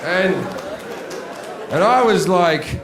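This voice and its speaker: A man's voice: sits high, drawn-out words, over a noisy crowd, heavy background noise. A man doing stand-up, telling a story in a crude, sardonic way and acting out the scenes. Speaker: stand-up comedian.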